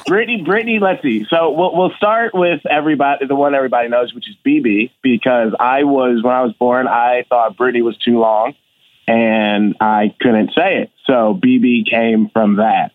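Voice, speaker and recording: A man's voice: medium pitch, fairly even intonation, moderate pace, no room sound. Man calling in over a tinny phone line. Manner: teasing, affectionate. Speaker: guest, brother of co-host. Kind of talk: casual chat.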